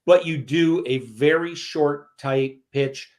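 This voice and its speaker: A man from Canada with a somewhat high voice, chatting as a guest author. He tells his stories with energy and acts out the voices of the people in them. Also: measured pace, few pauses. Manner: animated storyteller, acts out quoted voices. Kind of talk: casual interview chat.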